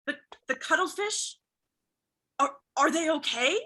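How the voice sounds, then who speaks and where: A woman's voice: sits high, expressive, measured pace, sharp tone, heavily acted. A woman voicing a big, anxious male orc scientist who stammers and frets. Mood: worried. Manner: flustered, stammering, exasperated.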